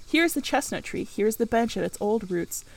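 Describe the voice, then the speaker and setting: Earnest brooding gentleman as a woman reads him, commanding, slightly high voice, storybook. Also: animated, a little fast, vocal fry, rough recording. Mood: tender. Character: brooding gentleman, middle-aged man, commanding.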